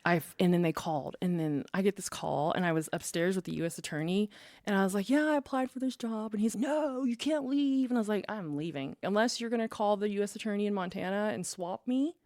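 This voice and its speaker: A woman's voice: medium pitch, fast talker, darkish tone, no echo, clean studio sound. A woman guest on a podcast, telling her own story in casual chat and acting out what others said. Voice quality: acts out quoted dialogue. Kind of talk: animated personal storytelling.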